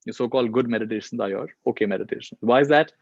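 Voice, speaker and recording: A man's voice: mid-range voice, rapid-fire, gravelly, no echo. A man giving a spiritual reflection talk, telling stories and repeating key phrases for emphasis. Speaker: spiritual teacher. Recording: dull lo-fi, dry sound.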